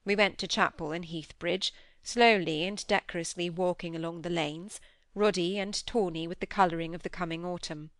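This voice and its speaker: A woman reads a classic novel aloud in a measured, even manner. Her voice sits fairly low. The sound is dry and close to the mic. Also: dry recording. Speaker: audiobook narrator. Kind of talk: scripted narration of a classic novel.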